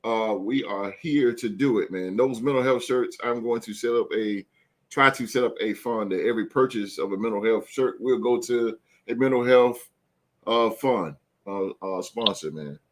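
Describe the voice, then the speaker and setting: A man with a voice on the low side hosts a sports podcast at a moderate pace. His casual sports talk is loose and hyped, with lines tagged by "man" and "son."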